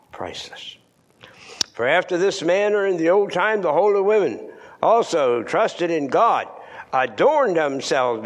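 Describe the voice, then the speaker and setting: Older guy preacher in church, voice jumps all over, goes loud then hushed. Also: high-pitched. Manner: swings from loud emphatic preaching to hushed near-whispers; old-fashioned scripture reading, repeats words for stress. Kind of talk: sermon.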